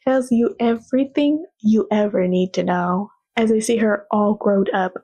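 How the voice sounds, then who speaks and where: A woman's voice: medium pitch, normal speed, warm tone, muffled recording. A young woman giving casual video commentary on a TV show, talking in a dramatic, sarcastic and gushing way.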